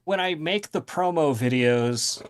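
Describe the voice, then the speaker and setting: A man's voice: a little high, animated, a little slow, smooth. Rambling man with lots of ums. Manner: rambling, many fillers and restarts. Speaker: guest author. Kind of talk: casual interview chat.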